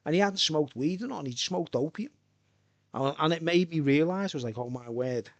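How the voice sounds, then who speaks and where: A man's voice: on the high side, animated, a little fast, dry recording. A middle-aged man, chatting loosely and swearing on a live stream from home. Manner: swearing, rambling, chatty, laughs a lot. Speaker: livestreamer. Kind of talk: rambling casual live-stream chat.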